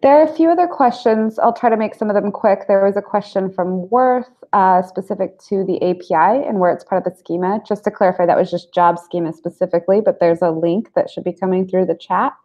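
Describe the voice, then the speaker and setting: A woman speaking as a webinar guest over a video call, brisk and friendly with a teasing streak. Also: mid-range voice, a little mellow, highs cut off. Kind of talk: casual webinar chat.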